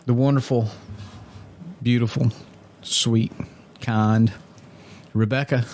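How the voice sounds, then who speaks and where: A man with a drawl hosts a relaxed podcast from a small studio. He talks in an ordinary mid-range voice, ribbing his guests and joking as he goes. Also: medium pitch, slow, a little hiss or hum. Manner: joking, teasing. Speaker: podcast host. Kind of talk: casual chat.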